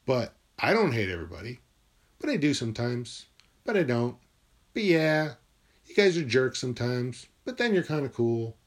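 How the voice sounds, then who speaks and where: Guy rambling to himself in his room, musing and cursing, average pitch. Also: big pitch swings, moderate pace. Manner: musing, meandering, swears freely. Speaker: vlogger. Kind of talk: rambling solo monologue.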